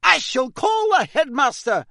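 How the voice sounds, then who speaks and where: A man voicing a strict older female deputy headmistress who barks sharp commands in an audiobook. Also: extremely high pitch, big pitch swings, measured pace, vocal fry, no room sound, voice pushed up, exaggerated voice. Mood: angry. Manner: sharp, commanding, barking orders. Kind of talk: audiobook character voice.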